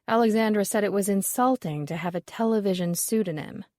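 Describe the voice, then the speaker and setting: A woman reading the part of a dismissive, sharp-tongued woman appraiser, with a wry, offhand delivery. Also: medium pitch, brisk, no echo, clean studio sound, close to an everyday voice.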